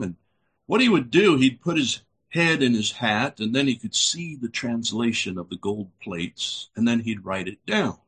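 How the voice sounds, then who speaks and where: A man's voice: mid-range voice, a bit bright, breathy edge. A man preaching a conversational sermon, folksy and blunt, with chuckling asides.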